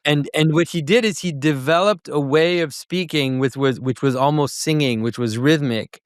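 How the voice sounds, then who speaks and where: A man's voice: a little high, normal speed, dry recording, clean studio sound. A middle-aged man hosting an interview podcast, speaking in an earnest, reflective way. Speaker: podcast host. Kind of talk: conversational interview.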